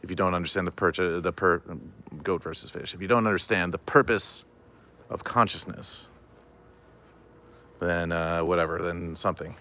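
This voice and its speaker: A man's voice: low voice, moderate pace, pushed and bright. A young man chatting casually on a livestream, rambling with lots of fillers and answering chat. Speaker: comedian streamer.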